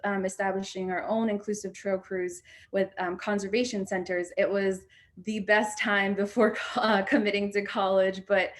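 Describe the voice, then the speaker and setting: A woman's voice: mid-range voice, flat delivery, moderate pace. A young adult woman on a video call, telling a personal story in a reflective way with many fillers and restarts. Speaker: panel speaker.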